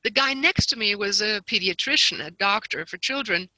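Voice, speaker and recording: A woman guest telling a personal story with lots of animation, slipping into quoted voices and laughing as she goes. Her tone is piercingly bright, and the recording is completely dry, with no room sound at all. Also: mid-range voice, lively intonation, normal speed, no echo, low-quality recording. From lives near Seattle. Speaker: guest author and seminar leader. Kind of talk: storytelling in a conversation.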